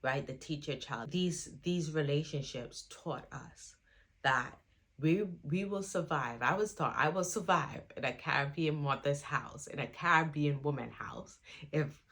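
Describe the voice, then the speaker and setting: A woman's voice: deep voice, unhurried, a bit bright. A woman who is a trainee psychotherapist, giving a motivational self-help talk to viewers in an earnest, reassuring way, repeating affirmations.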